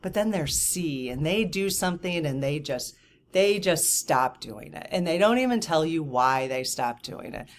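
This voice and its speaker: Host, woman, 50s, low voice, casual storytelling, exasperated asides. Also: normal speed, a little hiss or hum. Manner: animated, exasperated, frequent asides and quoted dialogue. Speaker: channel host.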